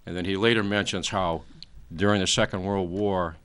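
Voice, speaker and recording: A man's voice: sits low, steady tone, normal speed, fairly bright tone, smooth. A man in his sixties, a talk show guest, lecturing at length in a rambling way with many fillers. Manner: frequent fillers, trailing off.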